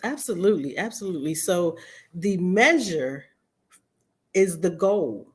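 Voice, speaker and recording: Earnest woman guest on talk radio; slow, low-set, motivational delivery. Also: expressive, breathy edge. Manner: earnest, repeats words, motivational. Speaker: guest speaker. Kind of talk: radio interview answers.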